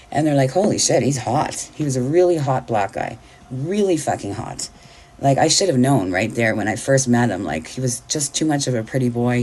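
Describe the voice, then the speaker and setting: A woman's voice: rumbling low, a little mellow, breathy edge. A middle-aged woman telling a personal story in a candid, blunt way, swearing freely.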